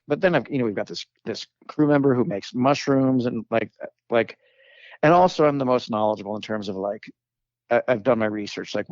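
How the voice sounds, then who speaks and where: Appearing as a guest on a chat podcast, a male comedic actor spins out a lengthy story, full of "like"s, restarts and quick impressions of the people he quotes. His voice is mid-range and darkish, captured close and dry with a slightly dull, lo-fi sound.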